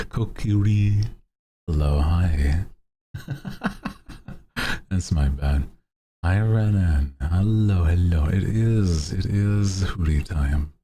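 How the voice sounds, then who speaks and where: A male streamer with a very deep, dark, husky voice. He talks slowly and casually to his chat, greeting people by name and chuckling often. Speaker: VTuber streamer.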